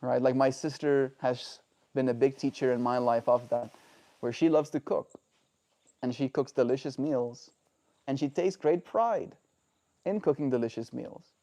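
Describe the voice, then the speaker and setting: A man's voice: medium pitch, measured pace, dark tone. A man talking earnestly and reflectively on a daily livestream, often checking in with the listener. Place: home.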